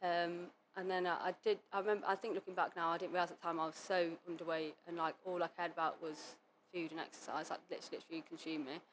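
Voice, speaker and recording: Fast-talking young woman, candid. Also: lowish voice, little pitch movement, a little hiss or hum. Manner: fast, run-on speech full of "like" and quoted self-talk. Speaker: podcast guest, competitive cheerleader. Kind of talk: candid interview talk.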